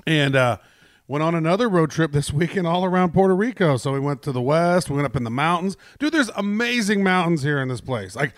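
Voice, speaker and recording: Male podcast co-host, slightly raised pitch, dry close sound, rambling and profane casual delivery. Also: animated, brisk, no echo. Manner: rambling, loose and profane, lots of fillers. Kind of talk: casual chat.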